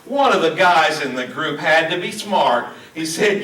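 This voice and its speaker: A man's voice: on the high side, expressive, a little slow, pushed and bright. A middle-aged man from Arkansas performing a folksy, self-deprecating stand-up comedy set, teasing the crowd at a senior community show. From Hot Springs, Arkansas. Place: small auditorium at a senior living community. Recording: echoey room, mic heard from a distance.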